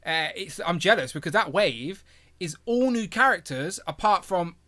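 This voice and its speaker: A man's voice: high-pitched, animated, moderate pace, bright, forceful tone. A man hosting a toy collecting livestream in casual chat, rambling, laughing often and joking at his own expense.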